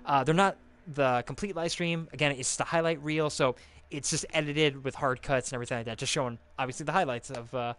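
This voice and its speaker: A man giving casual gameplay commentary as a streamer, excitable and profane, with loud outbursts and rants at the game. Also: mid-range voice, fast talker, smooth. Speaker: gaming streamer. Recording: game music playing behind.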